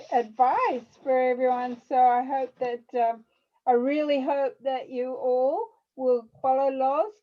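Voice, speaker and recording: A female interview host, encouraging and upbeat, asking quick questions over a video call. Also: high voice, dark tone, muffled recording. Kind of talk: interview, rapid-fire questions.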